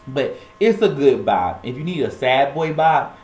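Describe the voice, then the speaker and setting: A man's voice: mid-range voice, expressive, a little slow, a little mellow, roomy sound. A man co-hosting a casual music podcast, playful and jokey, often laughing as he talks. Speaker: podcast co-host. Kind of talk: casual chat.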